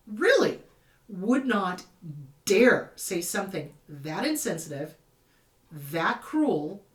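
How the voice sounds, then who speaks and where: A woman therapist hosting a show, giving casual advice in a blunt, emphatic way and repeating her key points. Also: mid-range voice. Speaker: therapist host answering viewer questions. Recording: roomy echo, mic at a distance.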